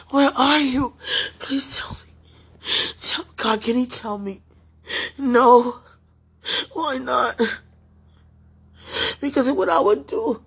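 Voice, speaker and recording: Very breathy, tearful woman pleading. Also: high voice. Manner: pleading, halting, repeating herself. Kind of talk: emotional spoken prayer.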